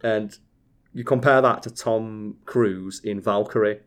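A man co-hosting a podcast, telling stories in an animated, swearing, ranting way. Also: lowish voice, measured pace. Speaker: podcast co-host. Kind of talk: casual chat.

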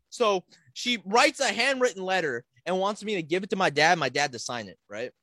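A man's voice: high-pitched, sing-song, moderate pace, bright, forceful tone, no echo. A young man co-hosting a podcast, telling stories in a casual, profane way and acting out the voices of people in them. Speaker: podcast co-host. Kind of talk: casual storytelling.

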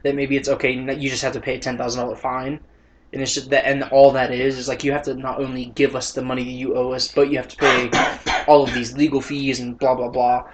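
Guy chatting on a podcast, rambles and stumbles over words, average pitch, little bit of hiss behind. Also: level tone, fast talker. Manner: rambling, stammers and repeats words; acts out quoted people in anecdotes. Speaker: podcast co-host. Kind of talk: casual chat.

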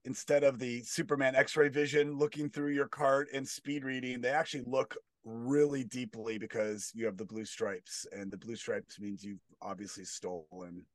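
A man performing a stand-up comedy bit, deadpan with rambling asides. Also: medium pitch, moderate pace, few pauses, dry recording.

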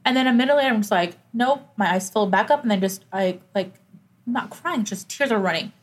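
A woman's voice: medium pitch, expressive, fast talker. A young adult woman co-hosting a podcast, telling a personal story in casual chat with many "like"s. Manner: storyteller who reenacts conversations, many "like"s. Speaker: podcast co-host.

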